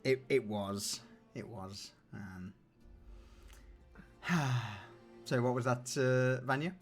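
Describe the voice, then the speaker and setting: A man's voice: mid-range voice, takes it slowly, faint music behind. A man hosting and running a tabletop game stream, chatting casually and candidly with some swearing. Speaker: game master and stream host. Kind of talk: casual chat between sessions.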